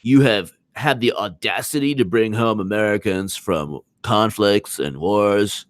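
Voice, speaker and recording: A man doing a mocking impression of a slow, drawling, laid-back surfer-dude politician. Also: on the low side, no echo, voice pushed down, natural voice. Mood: whiny. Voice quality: drawling, whiny.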